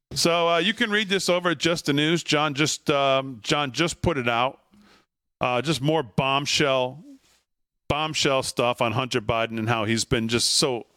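A man's voice: medium pitch, bright, forceful tone, dry recording, clean studio sound. A man hosting a political talk show, reading news and bantering with jokes. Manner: brisk, jokey banter. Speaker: host.

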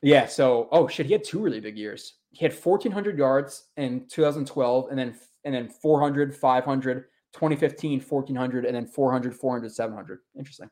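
A young man hosts a relaxed sports show in a mid-pitched voice. He talks loosely and swears freely, circling back and restarting his sentences as he reacts to chat. His voice sits right in the middle of the male range. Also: normal speed, few pauses. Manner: loose, profane, rambling with restarts. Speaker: podcast host. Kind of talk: casual sports podcast chat, reading chat comments.

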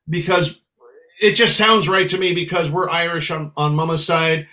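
A man's voice: a little high, normal speed. A middle-aged American man telling casual stories as a guest on a talk show, slipping into playful voices for the people he quotes. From United States. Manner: animated storyteller slipping into Irish brogue for quotes. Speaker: guest musician. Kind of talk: casual storytelling chat.

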